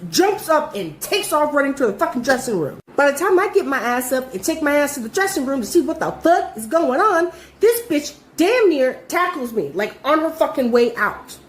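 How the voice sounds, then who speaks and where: Young woman, higher voice, casual storytime teller; swears freely, punches her words, animated delivery. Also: moderate pace, hardly any pauses, slight background noise. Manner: profane, animated, emphatic.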